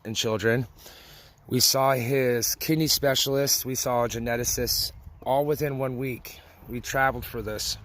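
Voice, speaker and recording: Young dad talking straight about rough times, emotional, a bit of car noise behind. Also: male voice, medium pitch, fairly bright tone. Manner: emotional, tearful at times, blunt and plainspoken. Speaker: father telling family story. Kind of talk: personal testimony.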